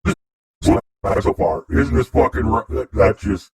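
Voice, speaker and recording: A man's voice: on the low side, normal speed, darkish tone. A man in casual video chat whose voice runs through a voice changer, joking and laughing as he talks to strangers. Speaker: host chatting with strangers online. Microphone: computer mic on a video chat.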